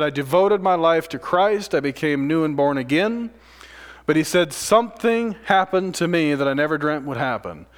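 A man preaching a sermon, retelling another man's story in his words, swinging between loud passages and near-whispers. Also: fairly high pitch. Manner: dramatic, swings from loud to hushed.

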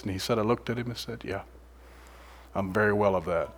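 A man preaching a sermon, retelling another man's story in his words, swinging between loud passages and near-whispers. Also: mid-range voice, fairly quick. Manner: dramatic, swings from loud to hushed.

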